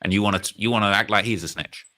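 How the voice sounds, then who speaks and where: A British host talks very fast in a fairly low voice during a live stream about rap news. Animated and emphatic, he repeats himself and reads comments from the chat aloud.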